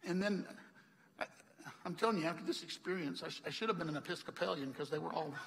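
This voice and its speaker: A man's voice: fairly high pitch, fast talker, gravelly, fairly bright tone, big-room sound. A man preaching a sermon, a chatty storyteller who laughs often and acts out the people he quotes. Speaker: pastor. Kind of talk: sermon with personal stories. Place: church hall.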